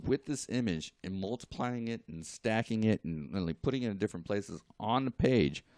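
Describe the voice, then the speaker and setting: Speaking at normal speed in a lowish voice with no room sound, the guest artist tells a story on a laid-back podcast. He's lively and laughing, performing what others said.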